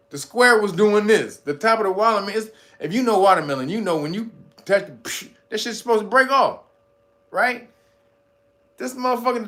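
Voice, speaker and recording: A man hosting a casual livestream, talking straight to his viewers in a profane, animated way, laughing often and reading out chat guesses. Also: high-pitched. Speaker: host.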